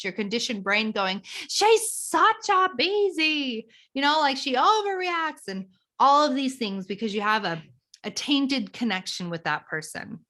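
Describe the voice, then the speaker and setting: A woman guest explaining a tapping method in a conversational, teaching way, animated and acting out examples as she goes. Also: on the high side. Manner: animated, acts out examples of inner talk.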